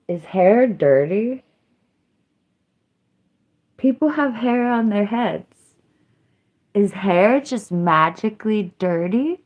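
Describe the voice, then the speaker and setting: A woman live streamer chatting casually to her viewers. She rambles loosely, mocks herself and breaks into squeals and yells. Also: lowish voice, highs cut off. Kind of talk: casual livestream chat.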